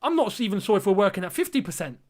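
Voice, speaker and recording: Very fast and darkish in tone, this high male voice swings widely in pitch as a young man hosts a live football watchalong. He commentates and reacts to the match with exasperation and disbelief, addressing viewers as lads.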